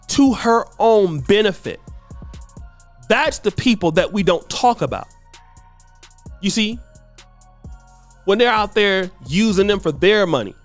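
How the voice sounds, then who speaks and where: A man hosting an opinion commentary, talking emphatically and repeating himself as he builds his points. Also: high-pitched. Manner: emphatic, repetitive, conversational. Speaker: commentary channel host.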